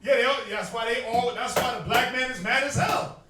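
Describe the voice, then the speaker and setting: A young man street teaching to a group, animated and joking, often mimicking people. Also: extremely high pitch, fairly quick, background noise. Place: outdoors in a city. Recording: very echoey, distant from mic.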